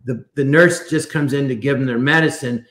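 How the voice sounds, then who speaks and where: A man's voice: medium pitch, fairly quick, fairly bright tone. Rambling man in an echoey room. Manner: rambling, restarts sentences often. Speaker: guest. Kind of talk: casual storytelling.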